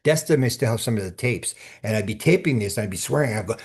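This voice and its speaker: A man's voice: mid-range voice, a little fast, few pauses, slightly rough. A man talking as a podcast guest in a casual, storytelling way, often restarting and repeating words as he goes. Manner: acts out quoted speech in his stories.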